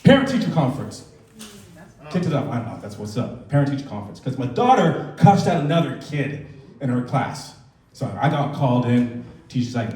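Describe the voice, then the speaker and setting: A man's voice: mid-range voice, very animated, moderate pace, a little mellow. A man in his thirties doing a loose, conversational stand-up set on a comedy club stage, acting out voices, with audience laughter behind him. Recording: roomy club sound from far off.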